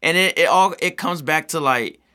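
A man talking casually on a podcast, laid-back and profane, often slipping into animated quoted voices. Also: fairly high pitch, normal speed, clean tone.

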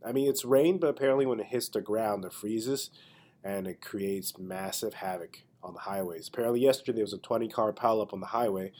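A congested man with a somewhat low voice tells a loose, chatty story as the host of his own podcast. His head cold clogs every word, and he keeps sliding in easy asides as he talks. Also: fairly quick, a little mellow. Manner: chatty, loose, with frequent "you know" asides. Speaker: podcast host and stand-up comedian. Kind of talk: casual storytelling monologue.

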